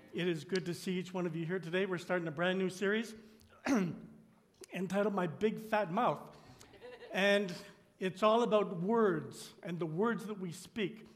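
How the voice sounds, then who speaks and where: A man with a high, light voice delivers a sermon to his congregation. He slows down and falls to a near hush on the phrases he wants to land, then rises sharply to mimic whiny complaints. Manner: acts out complaining voices with rising pitch. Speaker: pastor.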